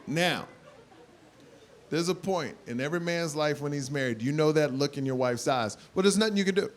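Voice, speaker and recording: A man in his forties performing stand-up on stage in front of a live audience, telling stories animatedly and bursting into loud impressions. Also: fairly high pitch, moderate pace, a faint crowd, slight background noise. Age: 40s. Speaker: stand-up comedian. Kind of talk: stand-up comedy.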